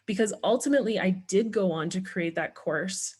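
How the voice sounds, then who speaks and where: A woman's voice: medium pitch, normal speed, a little mellow, breathy edge. A woman guest who teaches online business, talking in an earnest, encouraging way. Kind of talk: conversational coaching talk.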